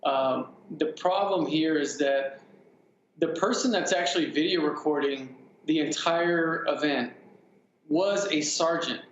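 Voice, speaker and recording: Measured male attorney, somewhat higher voice, on an echoey lo-fi link. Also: a little hiss or hum. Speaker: attorney guest. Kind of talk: interview answers.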